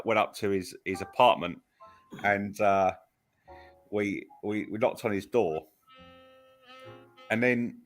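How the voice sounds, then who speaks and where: A man's voice: lowish voice, a bit bright. A man on a podcast telling a long rambling story in casual chat, full of restarts and fillers. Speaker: podcast co-host.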